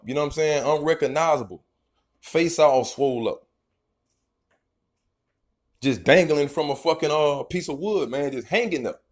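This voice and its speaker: This man, a street preacher, has a somewhat mellow voice pitched in the mid-range. Reading scripture aloud, he launches into rambling, emphatic riffs, peppering his informal, profane sermon with "man" at the ends of lines.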